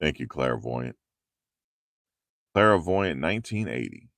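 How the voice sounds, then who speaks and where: A livestream host from the New York tri-state area chats loosely with viewers, joking and reading and answering comments into a handheld lavalier clip mic. His rumbling low voice is very animated but slow, with a fairly bright tone and no room sound.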